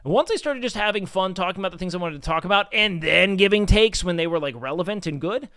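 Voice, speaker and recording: A man's voice: high-pitched, expressive, fast, bright, forceful tone, clear, resonant tone, dry recording, studio quality. A man streaming, chatting casually and telling rambling, profane stories.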